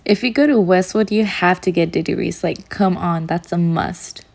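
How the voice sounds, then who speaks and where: A woman's voice: lowish voice, moderate pace, gravelly, a little mellow. Chatty young woman telling campus stories. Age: young adult. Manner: chatty, storytelling with quoted reactions. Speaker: college student vlogger. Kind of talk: casual narration over a highlight video.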